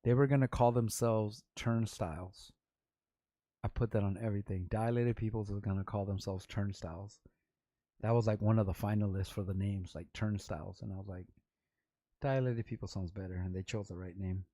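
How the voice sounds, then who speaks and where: A man's voice: on the low side, fairly even intonation, moderate pace, dark tone, no echo. A middle-aged man from Los Angeles hosting a vlog, telling rambling, slangy stories with restarts and quoted voices. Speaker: vlog host, rapper. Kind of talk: casual storytelling vlog.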